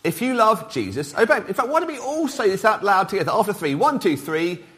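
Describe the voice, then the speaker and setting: A middle-aged man preaching an all-age sermon, lively and interactive, drawing the congregation in. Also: sits high, quick pace. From Wales. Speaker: pastor.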